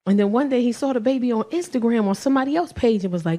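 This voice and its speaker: High-pitched middle-aged woman on a comedy stage, animated, cussing, storytelling. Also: fast. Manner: animated, profane, acts out voices of her son and boyfriend. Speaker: stand-up comedian. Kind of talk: stand-up storytelling.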